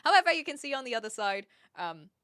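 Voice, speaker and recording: A woman's voice: high-pitched, very animated, fast, sharp tone, smooth, dry recording, studio quality. A woman with a light New Zealand accent, chatting casually with her live chat from her home streaming room into a stand mic, giggly and self-mocking. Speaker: Twitch streamer.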